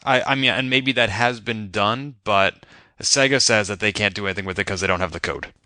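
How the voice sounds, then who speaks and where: A man's voice: on the low side, brisk, sharp tone, no room sound, clean studio sound. A man hosting a casual podcast chat, asking wry questions and laughing easily.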